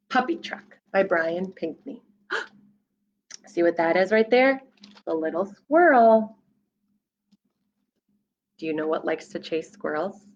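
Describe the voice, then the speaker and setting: A woman children's librarian reading a picture book aloud at storytime, playful and animated, with gasps and sound effects. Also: fairly low pitch, highs cut off, a little hiss or hum.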